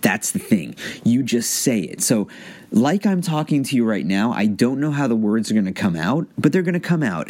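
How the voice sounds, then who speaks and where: A man talking casually to the camera about an acting method, pausing and restarting often. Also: lowish voice, darkish tone. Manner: halting, many restarts and fillers. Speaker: amateur actor reviewing an acting book.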